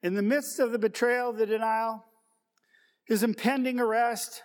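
A man's voice: very high-pitched, fairly even intonation, a little slow, smooth. A male pastor delivering a sermon, reflective and full of rhetorical questions and repeated key words. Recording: long reverb of a large hall.

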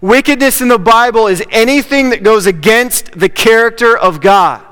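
A man's voice: very high-pitched, moderate pace, a bit bright, smooth. A man preaching a sermon as a pastor, in a conversational way that repeats key phrases for emphasis. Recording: long reverb of a large hall.

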